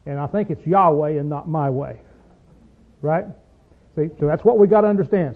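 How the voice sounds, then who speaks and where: A man's voice: fairly high pitch, moderate pace, pauses often. A man preaching a sermon in a folksy, emphatic way with a Southern US accent, often asking his listeners questions. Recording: tinny phone-like recording.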